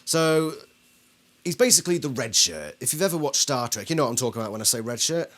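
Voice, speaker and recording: A man's voice: medium pitch, sing-song, fast, fairly bright tone. A man hosting a casual commentary video, talking things through and asking his viewers questions. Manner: conversational, asks the audience questions. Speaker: video host.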